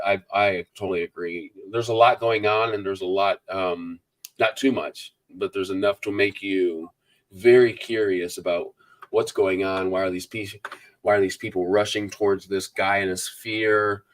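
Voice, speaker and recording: A man's voice: deep voice, fairly even intonation, normal speed. A man hosting a book review show, chatting casually with a guest and rambling as he greets viewers and reads their comments aloud. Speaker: book review channel host. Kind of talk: casual live interview chat.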